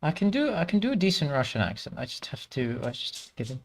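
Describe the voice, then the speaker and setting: A man's voice: fairly high pitch, sing-song, quick pace, a little hiss or hum. Brief: male game streamer, casual and rambling, lots of ums and false starts. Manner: rambling, many fillers and restarts. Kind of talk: casual gameplay commentary.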